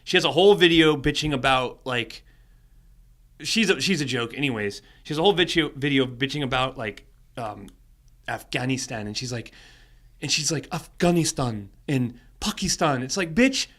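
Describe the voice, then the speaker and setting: A man's voice: medium pitch, lively intonation, moderate pace, fairly bright tone. A man co-hosting a podcast in casual chat, brash, opinionated and profane. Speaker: podcast co-host.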